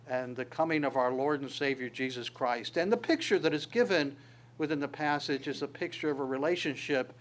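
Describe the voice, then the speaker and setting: An earnest male preacher with a slightly high voice delivers a sermon. He swells louder on scripture quotes and drops to a soft voice on asides. He often restarts phrases by repeating a word. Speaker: pastor.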